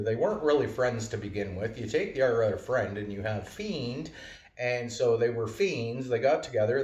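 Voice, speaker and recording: A man's voice: medium pitch, a little mellow. A man giving a casual, rambling monologue full of fillers and wordplay. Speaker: vlogger. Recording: roomy, distant from mic.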